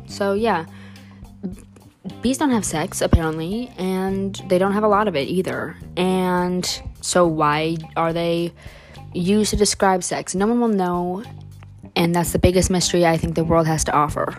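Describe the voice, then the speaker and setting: A woman's voice: lowish voice, moderate pace, soft background music, low-quality recording. A young woman vlogging, telling rambling stories in a casual, giggly way with lots of fillers. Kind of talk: casual storytelling chat.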